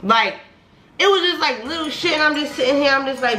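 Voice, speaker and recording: A young woman vlogger telling a heated storytime, profane and animated, her voice climbing higher when she gets worked up. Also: fairly quick, slight background noise. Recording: echoey room with faint music.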